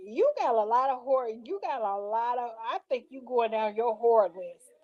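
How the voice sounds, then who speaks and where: A woman's voice: a little high, animated, moderate pace, dull audio. A woman in casual vlog chat, reading out show titles and reacting with slangy asides. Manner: chatty, reads titles aloud, slangy asides. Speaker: vlogger reacting to show picks.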